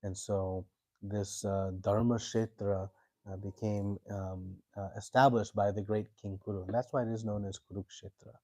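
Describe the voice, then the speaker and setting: A man teaching a scripture class. He tells a story in a relaxed way with many fillers and stops to quiz his students. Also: fairly low pitch, moderate pace, no room sound.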